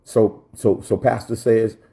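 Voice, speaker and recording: A pastor preaching a sermon, telling a personal story with many repeated phrases and climbing into fervent preaching. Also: male voice, fairly low pitch, little pitch movement, measured pace, vocal fry, warm tone. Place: church.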